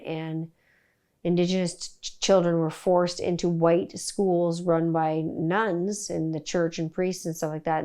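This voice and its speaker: Middle-aged woman from Canada, podcast host, smooth lower voice, blunt and profane. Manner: blunt, profane, animated storytelling. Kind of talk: casual solo podcast rant.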